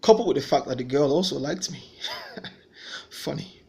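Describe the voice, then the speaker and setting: A man's voice: fairly high pitch, animated, normal speed, vocal fry, dark tone. A man giving an earnest personal faith testimony, telling his story and voicing remembered dialogue.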